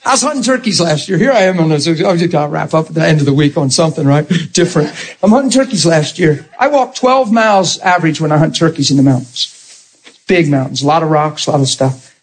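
A man in his forties, a preacher telling lively stories from the pulpit and acting out the dialogue. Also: a little high, slightly rough. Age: 40s. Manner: animated, acts out dialogue with laughter. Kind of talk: storytelling sermon.

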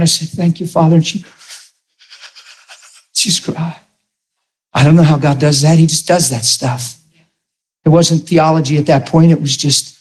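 Animated preacher, fairly high voice. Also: male voice. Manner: animated, rises to near-shouting when retelling a story. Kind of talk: sermon storytelling.

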